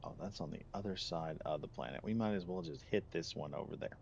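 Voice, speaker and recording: A man's voice: rumbling low, quick pace, vocal fry, darkish tone, muffled recording, a little hiss or hum. A man streaming a game, chatting casually and rambling off on tangents with frequent laughs. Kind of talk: casual live gameplay commentary.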